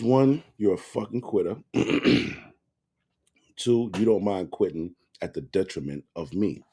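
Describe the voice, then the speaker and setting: Low husky guy ranting to camera, blunt and cussing, voice swings up and down a lot. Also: mellow. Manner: blunt, profane and rambling, with restarts. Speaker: commentator. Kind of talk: casual commentary to camera.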